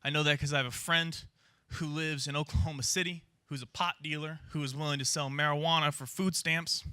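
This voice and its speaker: A man's voice: fairly high pitch, steady tone, a little fast, bright, forceful tone, clean tone, no room sound, studio quality. A young man doing a stand-up comedy set in a club, with a brash, profane, punchy delivery. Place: underground comedy club with live audience.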